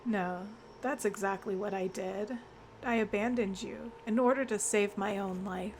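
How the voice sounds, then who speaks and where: A woman reading the lines of a calm, reserved teenage girl detective from a game, in a plain, even voice. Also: mid-range voice, measured pace, slight background noise, natural voice. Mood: composed. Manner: plain, even read-aloud delivery.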